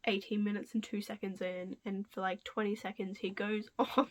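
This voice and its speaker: A woman's voice: medium pitch, little pitch movement, moderate pace. A young woman giving casual commentary on a scandal, amused and incredulous, with whispered asides. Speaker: commentary vlogger.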